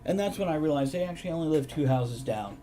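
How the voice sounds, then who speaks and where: A man's voice: fairly high pitch, animated, fast, mellow, slight background noise. Wry storytelling man hosting a stream. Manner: sarcastic, mock-documentary storytelling. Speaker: host. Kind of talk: casual chat on a live stream.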